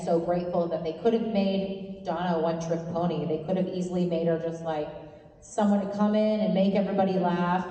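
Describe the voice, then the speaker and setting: A woman's voice: on the low side, mellow, highs cut off. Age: adult. Sex: woman. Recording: echoey hall, distant. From Canada. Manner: thoughtful, grateful, acts out quotes. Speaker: actor on a convention panel. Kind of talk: panel answer to a fan. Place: large convention hall. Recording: echoey convention hall, from far off.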